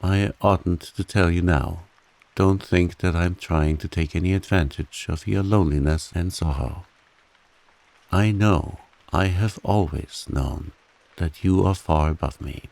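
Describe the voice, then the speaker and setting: A man softly voicing a humble, pleading lover. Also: low voice, a little slow. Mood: earnest, pleading. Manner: earnest, husky, pleading. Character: humble devoted man confessing love.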